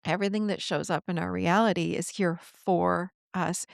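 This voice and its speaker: A woman's voice: lowish voice, fairly even intonation, moderate pace, vocal fry, no room sound, clean studio sound. A woman guest on a podcast interview, talking earnestly in a coaching manner and acting out the voices of the people she quotes.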